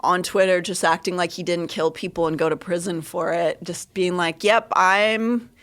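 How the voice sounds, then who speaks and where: A woman co-hosting a podcast livestream in casual chat, animated, her pitch jumping up on punchlines. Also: normal speed. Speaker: podcast co-host.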